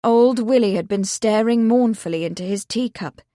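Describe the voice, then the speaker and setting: A woman's voice: a little high, normal speed, warm tone, no echo. Woman narrating a mystery audiobook, dry. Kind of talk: scripted narration.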